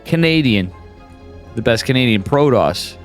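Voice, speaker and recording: A man's voice: medium pitch, expressive, unhurried, soft background music. A man streaming live game commentary, talking in a loose, profane, hyped-up way to his chat between plays. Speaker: esports caster.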